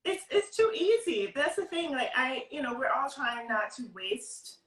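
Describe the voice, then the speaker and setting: A woman's voice: sits high, big pitch swings, moderate pace, a bit bright, roomy sound, recorded from a distance, low-quality recording. A woman giving a casual cooking demonstration over a video call from her home kitchen, explaining tips step by step in a chatty way. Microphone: video call, stepping back from the device.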